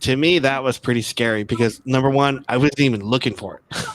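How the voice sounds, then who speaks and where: A man's voice: medium pitch, fairly quick, no room sound. This is a man with a mid-range voice, casually telling a story over a remote call. He rambles, repeats words and restarts his sentences. He grew up in Texas. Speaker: guest.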